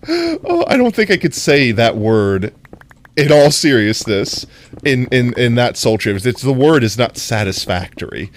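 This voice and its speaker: A man's voice: mid-range voice, sing-song, unhurried. A man streaming a game, chatting casually and playfully with his viewers and laughing often. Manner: playful, giggly, talks to chat.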